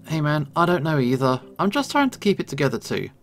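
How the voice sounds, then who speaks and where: An earnest young man from a game story, plain-spoken and supportive, with an animated lilt, as a man reads him. Quiet guitar music underneath. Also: fairly high pitch, fast talker.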